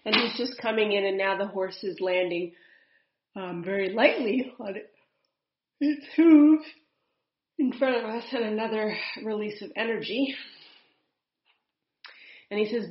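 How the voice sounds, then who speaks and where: Woman medium, soft and unhurried channeling voice, breathy pauses, echoey room. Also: medium pitch, highs cut off. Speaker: spiritual medium. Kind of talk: guided spirit-channeling talk.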